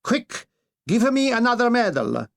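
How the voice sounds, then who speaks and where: A man's voice: very high-pitched, very animated, measured pace, gravelly, voice pushed up, exaggerated voice. A man voicing a pompous, panicky male dictator with a comic Italian accent. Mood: blustering. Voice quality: bombastic, panicky.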